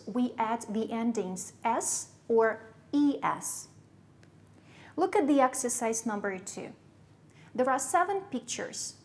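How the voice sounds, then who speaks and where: Speaking in a high-pitched voice, a Kyrgyz-accented woman guides young pupils through English, saying each word slowly more than once and spelling it letter by letter.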